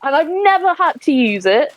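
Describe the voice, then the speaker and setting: Somerset girl in her 20s streaming, high lively voice, giggles and rambles about stuff. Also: moderate pace, no echo, rough recording. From Somerset, England. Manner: chatty, giggly and self-deprecating. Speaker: gaming streamer. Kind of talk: casual chat while gaming.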